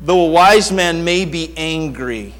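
A middle-aged preacher delivers a sermon in a fairly high voice. He tells stories with lively, sweeping energy, dropping to quiet asides and then climbing to loud, urgent peaks. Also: slow. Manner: animated storytelling, swings from quiet to near-shouting. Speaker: pastor.

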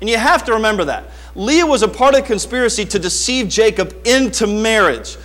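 A middle-aged man preaching a sermon, telling an animated story from his childhood and acting out his younger self before turning to scripture. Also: high-pitched, fairly quick. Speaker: pastor.

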